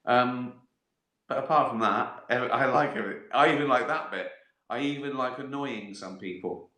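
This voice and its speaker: A man's voice: mid-range voice, normal speed, sharp tone. Sweary, laughing man in an echoey room. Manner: sweary, laughs often, acts out voices in asides. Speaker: host of a live stream. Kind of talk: casual live-stream chat reading viewer questions.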